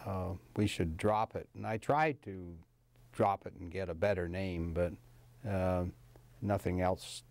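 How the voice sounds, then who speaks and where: An older man speaks in a lowish, unhurried voice, searching for words with plenty of fillers and restarts. The recording is close and dry, with no room sound around him. He chuckles now and then as he recalls things. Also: darkish tone, dry recording. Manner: rambling, hesitant with many fillers and restarts, chuckling. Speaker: professor of anesthesiology, guest. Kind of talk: casual interview recollection.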